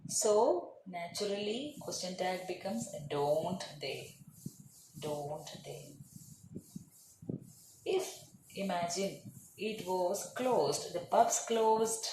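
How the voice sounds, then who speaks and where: A woman teaching English grammar, explaining slowly and deliberately and repeating example phrases. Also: medium pitch. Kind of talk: grammar lecture. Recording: echoey room, faint noise.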